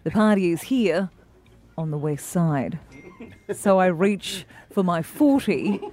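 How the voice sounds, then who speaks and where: A woman putting on a deadpan Australian newsreader. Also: on the low side. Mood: deadpan formal. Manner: flat, measured newsreader delivery.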